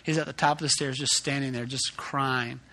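A man's voice: medium pitch, fairly even intonation, moderate pace, bright, forceful tone. A man, a pastor telling a self-deprecating family story in a sermon.

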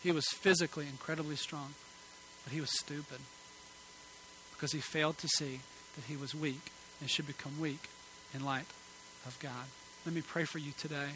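A man in his thirties or forties preaching a sermon in a church, emphatic at times and softly pleading at others. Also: fairly high pitch, fairly even intonation, moderate pace, a little hiss or hum, low-quality recording. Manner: earnest, emphatic preaching that drops to soft pleading. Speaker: pastor. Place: church sanctuary.

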